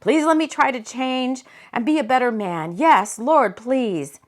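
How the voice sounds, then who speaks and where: A woman's voice: sits high, animated, unhurried. A woman voicing a broken male rock singer, pleading in a desperate way.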